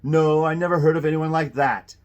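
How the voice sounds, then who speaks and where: A man's voice: on the high side, steady tone, fairly quick, highs cut off, natural voice. A man voicing a friendly male butcher with a heavy German accent. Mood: offhand.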